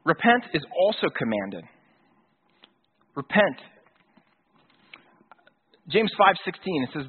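A man's voice: fairly high pitch, very animated, slow, pauses often, husky. A man preaching a sermon in a casual, conversational way, with slang and acted-out quotes. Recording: tinny phone-like sound.

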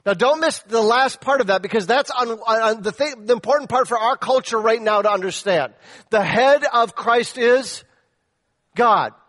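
High-voiced man preaching in a reverberant hall. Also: a little fast, hardly any pauses, fairly bright tone. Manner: emphatic, rhetorical questions, pitch swings high and low. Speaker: pastor. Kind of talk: sermon.

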